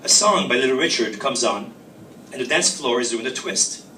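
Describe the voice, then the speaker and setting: A man's voice: medium pitch, expressive, moderate pace, bright, forceful tone. Man at a live reading narrating his own story, wry and reflective; captured far off with faint room noise. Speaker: author reading his fiction. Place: reading venue. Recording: roomy, distant mic, faint ambience.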